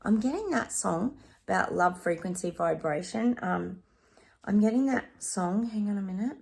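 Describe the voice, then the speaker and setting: A woman's voice: medium pitch, animated, moderate pace, vocal fry, a little mellow. A middle-aged woman, a psychic giving chatty readings straight to camera and calling her viewers guys. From Australia. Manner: chatty, addresses viewers as guys, sings snatches of songs. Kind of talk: casual direct-to-camera reading.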